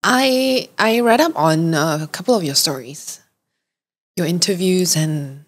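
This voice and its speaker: A woman's voice: fairly low pitch, measured pace. A young woman hosting a podcast interview, talking in an earnest, emotional and affirming way. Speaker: podcast host.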